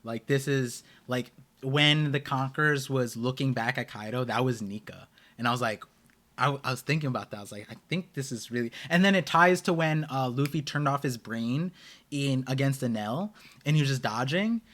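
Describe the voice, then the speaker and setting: A man hosting a live anime watch-party stream, reacting excitedly and chatting in a rambling way with his viewers. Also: mid-range voice, moderate pace. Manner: excitable, rambling, talks to chat.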